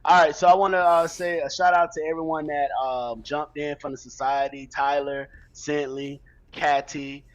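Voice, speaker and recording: A man hosting a podcast in casual chat. He is an animated storyteller who laughs easily and talks loose and profane. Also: on the high side, normal speed, highs cut off. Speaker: podcast host.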